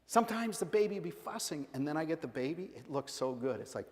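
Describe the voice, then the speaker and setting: Man, middle-aged, pastor, conversational sermon, higher voice, long church reverb. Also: quick pace, few pauses. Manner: conversational preaching with playful quoted voices. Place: large church sanctuary.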